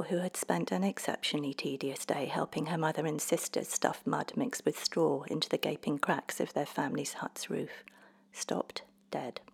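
A woman narrating a storybook in a measured, expressive way, sometimes dropping almost to a whisper. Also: sits low, vocal fry.

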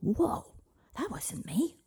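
A woman's voice: takes it slowly, warm tone, whispered, close to an everyday voice. A woman playing a fierce, dreamy little girl. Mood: startled.

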